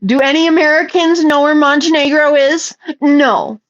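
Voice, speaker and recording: A woman with a fairly high voice chats casually on a livestream, reading out viewer comments and firing back bluntly, with plenty of swearing. Her voice comes through a slightly muffled, lo-fi recording. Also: normal speed. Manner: blunt, profane and talkative.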